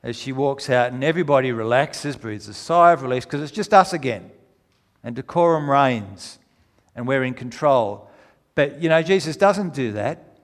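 A man preaching a sermon, telling a story with animated, rising delivery that climbs to near-shouting at its peak. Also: medium pitch, normal speed, in a large hall.

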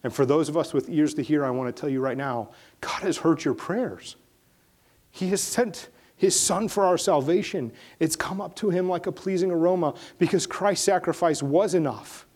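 A male pastor giving a sermon, moving between hushed, prayerful passages and rising, emphatic preaching. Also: a little high, normal speed.

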